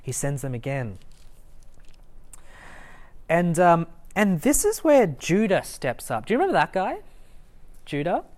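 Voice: mid-range voice, huge pitch swings, measured pace, pauses often, a little mellow. A young adult giving a casual Bible talk to a student group, talking conversationally with fillers, restarts and light chuckles. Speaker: student ministry Bible teacher. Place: lecture room at a student meeting.

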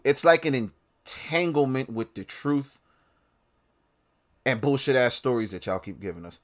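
A man hosting his own independent podcast, ranting with a lot of profanity, swinging between loud outbursts and low muttering. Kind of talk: podcast rant.

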